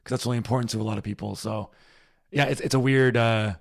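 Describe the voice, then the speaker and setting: A man from Rhode Island, a guest in a casual chat who talks quickly and agreeably, with lots of fillers. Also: medium pitch, steady tone, gravelly. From Rhode Island, United States. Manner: quick, agreeable, uses fillers like um and you know. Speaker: podcast guest.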